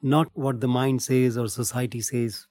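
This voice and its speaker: A man with an Indian accent, a breathwork and meditation teacher, answering gently in short calm phrases. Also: mid-range voice, moderate pace, no room sound, studio quality.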